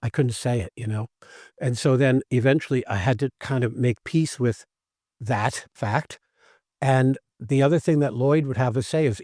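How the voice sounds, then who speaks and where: Male acting-teacher co-host, conversational and animated, acts out quoted lines; mid voice, dead-dry recording. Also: medium pitch, normal speed, dry recording. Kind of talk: casual conversation.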